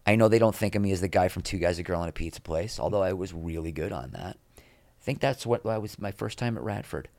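His voice is low-pitched and fast, recorded without echo. Appearing as an interview guest, the middle-aged man meanders through candid stories at his own expense, acting out others with animation when quoting them.

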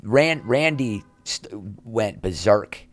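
A middle-aged man spins animated stories as a podcast guest, tossing in quick asides. His voice sits low, and the recording is dry and close, with no room sound. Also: no echo, faint music behind. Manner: animated anecdotes, quick asides, acts out quoted people. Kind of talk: casual interview storytelling.

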